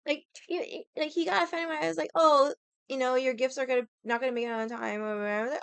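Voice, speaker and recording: A woman's voice: high-pitched, steady tone, quick pace, creaky, clean tone, dry recording. A young woman hosting a casual livestream, ranting in a sassy, profane, rambling way and greeting viewers. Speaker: livestream host.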